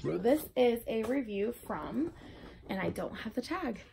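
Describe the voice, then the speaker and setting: A young woman hosting a knitting podcast, chatting casually about her projects with lots of ums. She sounds a little out of breath and often drops her voice to a soft near-whisper. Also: a little high, very animated, takes it slowly, gravelly, background noise. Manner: chatty, rambling with many ums.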